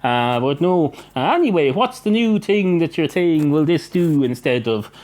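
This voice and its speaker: A man's voice: on the high side, expressive, normal speed, a little mellow. A man, a podcast host, rambling through an improvised comic story with many fillers and digressions. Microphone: podcast microphone.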